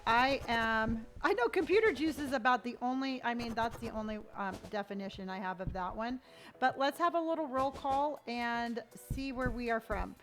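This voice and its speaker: A chatty woman from Southern California runs a live game stream, warmly greeting viewers and reading their comments aloud. Her voice sits a touch high, and soft game music plays underneath. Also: normal speed.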